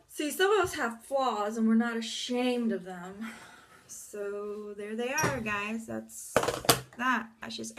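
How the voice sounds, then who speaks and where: A woman chatting through a makeup tutorial at home in front of her mirror, rambling with offhand asides and muttered whispers. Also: a little high. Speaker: beauty vlogger.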